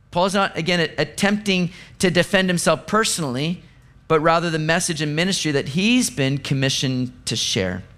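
High-voiced man preaching a sermon. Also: a bit bright, smooth. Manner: conversational preaching with asides and light sarcasm. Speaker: pastor.

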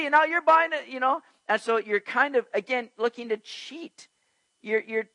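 Man pastor, bright and forceful, slightly high voice, animated verse-by-verse preaching, dry close sound. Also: no room sound, poor audio. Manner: animated, asks the congregation questions and acts out little scenes. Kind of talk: expository sermon on Proverbs.

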